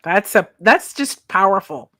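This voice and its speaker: A woman's voice: mid-range voice, animated, a little slow, sharp tone. A woman hosting a podcast, reacting to her guest and adding comments in a conversational, affirming way. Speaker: podcast host. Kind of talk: interview conversation.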